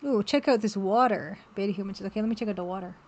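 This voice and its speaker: A woman chatting casually on a live art stream while working, reading viewer messages aloud and reacting with excited exclamations. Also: medium pitch, very fast. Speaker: game developer streaming while drawing.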